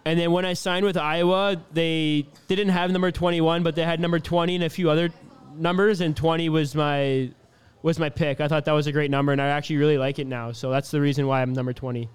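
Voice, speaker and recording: A man in his twenties from Canada, answering interview questions in a relaxed, easygoing way with lots of fillers. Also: a little high, fairly quick, clean tone. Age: 20s. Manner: easygoing, laughs often, many fillers. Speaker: hockey player being interviewed.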